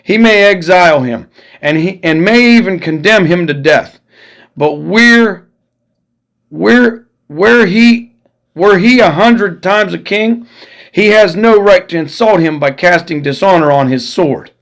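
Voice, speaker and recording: Man doing a defiant musketeer captain, grave impassioned declamation, somewhat high voice. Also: measured pace, a bit bright, rough recording. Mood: indignant.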